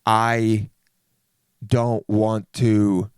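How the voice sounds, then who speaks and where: Speaking very slowly in a low-leaning, clear and resonant voice with little pitch movement, a young man rambles through a comedic solo podcast monologue. He keeps cutting himself off and saying "dude." The studio-quality recording has no echo.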